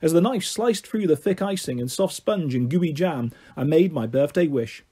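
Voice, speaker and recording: A man narrating a children's book in a gentle, steady reading voice. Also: on the high side, normal speed, husky. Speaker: storyteller.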